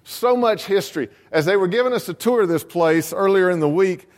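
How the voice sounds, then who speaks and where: A man's voice: high-pitched, animated, fairly quick, in a large hall. A man who is a pastor, preaching a storytelling sermon and repeating words as he restarts his sentences.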